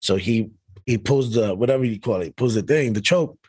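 A young man telling profane, animated stories on a podcast, often laughing. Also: medium pitch, moderate pace, slightly rough, no echo. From Brooklyn, New York. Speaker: podcast co-host. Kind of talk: casual storytelling chat. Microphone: podcast microphone.

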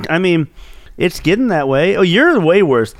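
A man's voice: sits high, sing-song, measured pace, no room sound, studio quality. Profane, teasing male podcast co-host. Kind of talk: casual banter.

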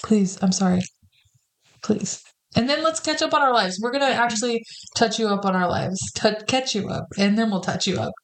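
A woman's voice: a little high, normal speed, rough recording. Teasing, foul-mouthed woman podcast host. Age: 30s. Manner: teasing, profane, pushy interviewer. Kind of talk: casual chat.

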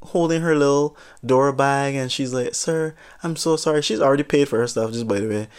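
A young man hosting a podcast, telling a comedic story in an animated, rambling way with mild minced oaths. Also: medium pitch, fairly quick, smooth. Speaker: podcast host.

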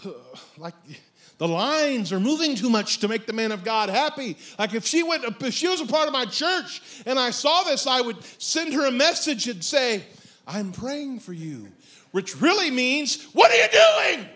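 Male pastor, bright high voice, swinging wide, shouts for emphasis with comic asides. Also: animated, moderate pace. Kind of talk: sermon.

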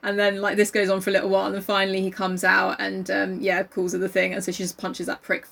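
A woman on a podcast talks through a novel in loose, casual chat. Her voice sits in a middling pitch, and she swears often with energy and indignation in the retelling. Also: quick pace, gravelly, far from the mic. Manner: chatty, swears freely, lively retelling. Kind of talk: casual book discussion.

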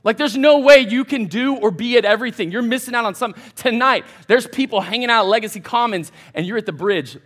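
A man, a college pastor telling a casual, animated story in a sermon to young adults. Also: very high voice, quick pace, few pauses. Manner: folksy, animated, addresses crowd as y'all. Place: church hall.

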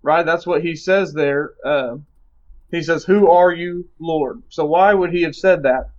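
A man's voice: fairly high pitch, measured pace. Muffled man leading a Bible study. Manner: relaxed and conversational, with fillers, reading scripture aloud.

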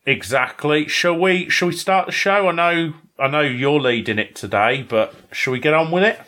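A man's voice: fairly high pitch, moderate pace, sharp tone. A young man co-hosting a podcast, chatting casually and teasing, often ending with tag questions. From Britain. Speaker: podcast co-host. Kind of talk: casual banter.

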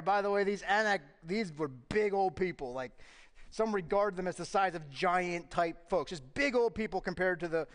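A man's voice: high voice, expressive, moderate pace. A man preaching a sermon as pastor, emphatic and full of rhetorical questions. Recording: long reverb of a large hall.

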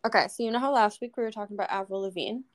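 A woman's voice: mid-range voice, very fast, dry recording, poor audio. A young woman co-hosting a podcast, gossiping in casual chat and swearing freely. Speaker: podcast co-host.

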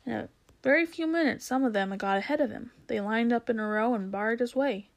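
A woman narrating a children's novel aloud in a steady storytelling way, with the odd stumble and restart. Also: on the high side, fairly quick.

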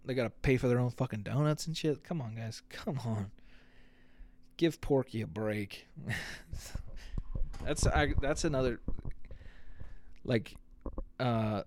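This man's voice is mid-range and slightly mellow, with no room sound in the recording. Hosting his podcast, he delivers a profane, funny, rambling rant and performs the quotes he mentions.

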